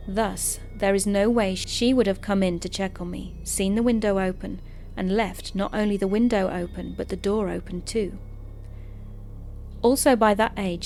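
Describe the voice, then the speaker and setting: Female horror narrator with a medium-pitched, even, steady delivery over faint music. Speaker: host and narrator of horror stories. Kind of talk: scripted horror story narration.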